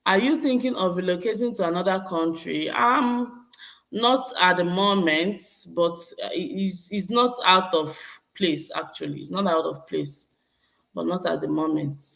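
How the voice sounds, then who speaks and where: Chatty Nigerian woman, lowish voice. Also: measured pace, vocal fry, fairly bright tone. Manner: laughs often, slips into Pidgin, repeats herself. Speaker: vlogger reading live chat. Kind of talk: casual live-stream chat.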